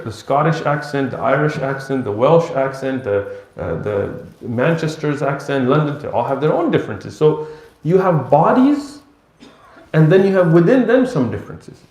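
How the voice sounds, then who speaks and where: A man giving an Islamic lecture, telling stories in an animated way and acting out bits of dialogue. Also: medium pitch, gravelly. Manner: animated storytelling with acted-out dialogue. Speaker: Islamic teacher. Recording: roomy echo.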